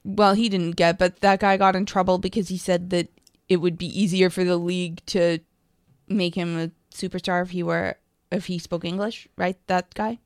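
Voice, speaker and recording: A woman's voice: fairly low pitch, little pitch movement, normal speed, clear, resonant tone, no echo, studio quality. A woman co-hosting a casual chat, conversational and checking in with questions.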